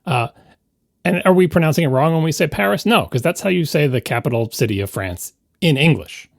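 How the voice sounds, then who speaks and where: Podcast co-host, man, animated and explanatory, dry studio sound. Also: on the high side, a little fast, vocal fry, dry recording. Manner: explanatory, pedantic, lively. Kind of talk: casual chat.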